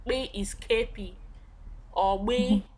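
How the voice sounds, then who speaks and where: A woman with an Igbo accent, a guest teacher, explaining words in a relaxed language lesson with fillers and restarts. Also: medium pitch, slow, background noise.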